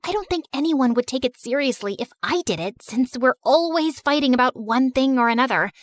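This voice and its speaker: A woman's voice: sits high, lively intonation, brisk, dry recording. A woman voicing a popular, scheming teenage girl in a story reading, pleading and persuasive.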